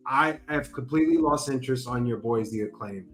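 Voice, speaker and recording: A man's voice: medium pitch, brisk, soft background music. A man co-hosting a wrestling podcast, giving blunt, critical opinions and repeating his points. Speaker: podcast co-host. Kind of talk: casual chat.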